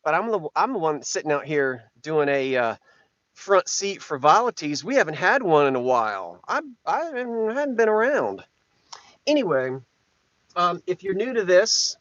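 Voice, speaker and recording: A man with a voice on the high side, sing-song and a bit bright, rambles to his live-stream viewers at a moderate pace from his parked truck, joking and interrupting himself in front of a mounted camera. He sells antiques. The dry recording sounds dull and lo-fi, with a faint hum.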